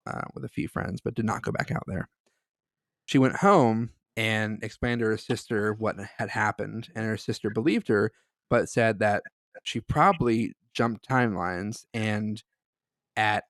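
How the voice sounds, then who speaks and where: A man's voice: fairly low pitch, fairly bright tone, no echo, clean studio sound. A man co-hosting a podcast, telling a story in a loose, rambling way with lots of filler words. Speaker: podcast co-host. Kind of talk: casual chat.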